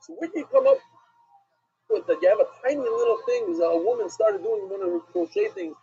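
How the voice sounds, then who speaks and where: A man, a rabbi, giving an animated Talmud class lecture, asking and answering questions with emphasis. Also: very high-pitched, fairly quick, gravelly, husky. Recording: dull lo-fi recording with faint music.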